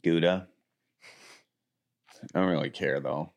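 A man from the American Midwest answering rapid questions in an easygoing, rambling way. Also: sits low. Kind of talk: casual chat.

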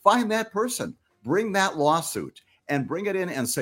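A man appearing as a legal commentator on talk radio, building forcefully to his points. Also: high-pitched, very animated, normal speed, faint music behind.

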